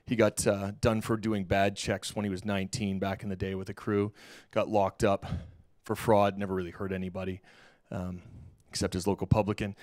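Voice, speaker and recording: A middle-aged man giving a keynote talk on stage, telling a story in a lively, casual way and acting out the dialogue with slang. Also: on the low side, no echo, clean studio sound. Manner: animated, acts out quoted dialogue, casual slang. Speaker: keynote speaker. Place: lecture hall stage.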